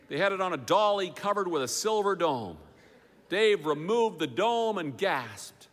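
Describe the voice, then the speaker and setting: A man reading a funny story aloud, wry and dry in delivery, with a high, lively voice that swoops around. The sound hangs in a long hall reverb.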